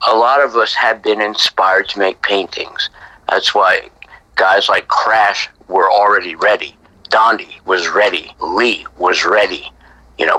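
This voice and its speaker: A middle-aged man, a graffiti artist, telling stories from his past in a chatty way that often sinks into a breathy whisper. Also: fairly low pitch, bright, forceful tone, no room sound, poor audio. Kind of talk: casual storytelling interview.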